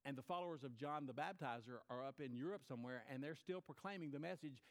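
A man's voice: a little high, fast talker, hardly any pauses. A man preaching a sermon, retelling a story with repeated phrases and acted-out quotes. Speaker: pastor.

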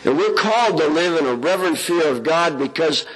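A man's voice: a little high, expressive, a little fast, fairly bright tone, breathy edge, low-quality recording. A middle-aged man preaching a sermon, talking conversationally and asking his congregation rhetorical questions, with his voice rising for emphasis. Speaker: pastor.

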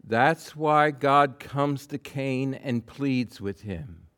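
A man preaching a sermon, acting out quotes with big swings from loud bursts to hushed lines. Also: mid-range voice, drawn-out words, clear, resonant tone. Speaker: pastor.

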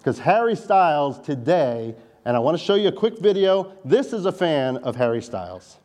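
A man's voice: on the high side, sing-song, normal speed, darkish tone, a little hiss or hum. A man preaching a sermon in a conversational style, with wry asides to the congregation. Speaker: pastor.

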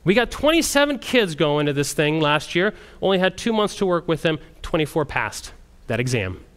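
Missionary man, animated storyteller, high and very expressive voice. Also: normal speed, clear, resonant tone. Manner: animated storyteller, frequent restarts. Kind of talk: storytelling testimony talk.

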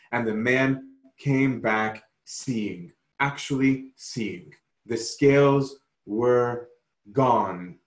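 A man preaching a sermon slowly and emphatically, often pausing to ask "right?". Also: mid-range voice, roomy sound. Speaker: pastor.

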